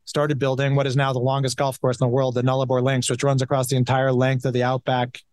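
A man telling golf travel anecdotes in a casual interview, rambling and animated. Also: medium pitch, fast, no room sound, clean studio sound. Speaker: golf writer guest.

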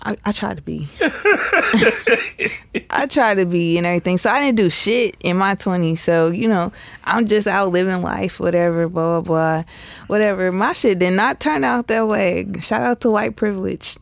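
A woman's voice: medium pitch, normal speed, vocal fry, no room sound. A woman comedian guesting on a podcast, chatting casually, swearing and laughing a lot. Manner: laughs often, swears, playful. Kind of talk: casual chat.

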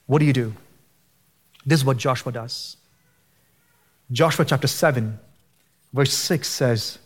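A man preaching a sermon as a pastor, impassioned and rising to near shouting, with casual slang mixed into his preaching. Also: medium pitch, a little slow, long pauses, breathy edge. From United States.

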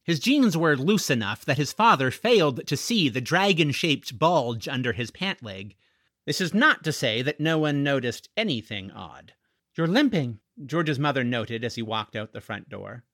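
A man reading a children's novel aloud in an expressive audiobook narration. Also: mid-range voice, normal speed, dry recording, studio quality. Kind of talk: scripted narration.

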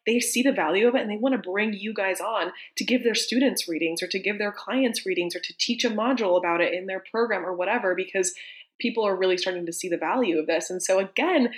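A woman's voice: mid-range voice, fast. A woman co-hosting a group call, talking in a casual, enthusiastic way and laughing often.

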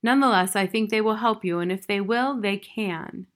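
A woman reading the lines of a wise, formal male owl in a grave, measured manner. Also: mid-range voice, natural voice. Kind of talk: audiobook reading.

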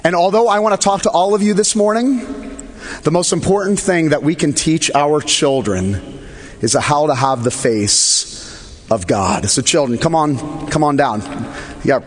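A pastor talks with children during a church service, his voice a little husky and full of rising and falling pitch. He is gentle and playful as he coaxes them along, and his words ring out into a hall with a long echo. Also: lively intonation, unhurried. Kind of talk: children's sermon. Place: church sanctuary.

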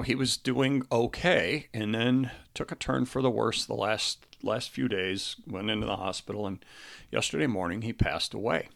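A middle-aged man hosting a podcast, speaking about a recent loss in a halting, earnest way, grieving and close to tears. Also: fairly low pitch, creaky, a bit bright. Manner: halting and earnest, with many restarts. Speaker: podcast host. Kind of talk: personal monologue.

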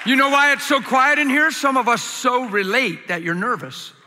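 A male pastor preaching a sermon to a live audience in a large hall. He tells his story with animated swings from loud shouts to quiet low asides. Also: moderate pace, crowd noise, background noise. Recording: long echoing hall reverb.

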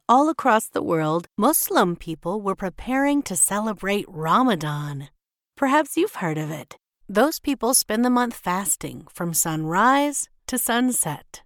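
A woman's voice: medium pitch, no echo, clean studio sound. A woman reading a children's storybook aloud, with playful asides to the listener. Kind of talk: scripted storybook narration.

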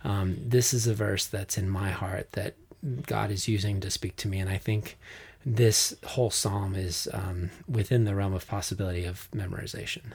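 A man with a low voice talks through scripture in an earnest, unscripted way. He stumbles and restarts often, fills pauses with ums, and reads the psalm slowly and tenderly. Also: steady tone, vocal fry, a little mellow, husky. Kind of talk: casual devotional talk, reading scripture.

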